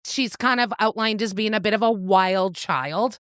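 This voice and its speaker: A woman's voice: medium pitch, normal speed, clean tone, no room sound, studio quality. A woman co-hosting a book podcast, casually retelling a novel's plot in a playful, swearing, storytelling way.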